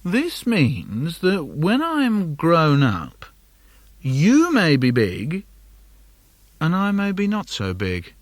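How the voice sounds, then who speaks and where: A man reading his own children's poems for a studio cassette in an animated, comic way, slipping into lively character voices. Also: on the high side, drawn-out words, dry recording. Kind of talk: playful poetry reading for children.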